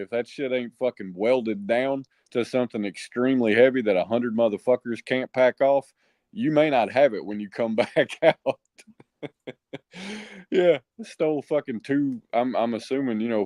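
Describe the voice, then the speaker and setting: A man's voice: medium pitch, normal speed, darkish tone, no echo, studio quality. A man in casual chat, telling a story with heavy swearing and laughs.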